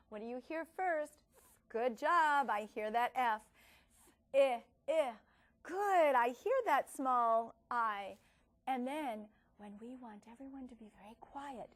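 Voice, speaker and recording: A woman explaining how to teach writing, modeling lessons with encouraging classroom praise and slowly stretched words. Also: a little high. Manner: slow, exaggerated stretching of words when modeling. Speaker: teacher trainer. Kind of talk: instructional demonstration.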